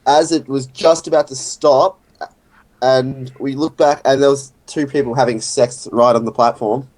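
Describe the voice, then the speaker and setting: A man's voice: medium pitch, steady tone, normal speed, a little mellow, low-quality recording. A young man, a co-host, chatting casually and hesitantly. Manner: hesitant, restarts and loses his place. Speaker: podcast co-host. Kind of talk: casual chat.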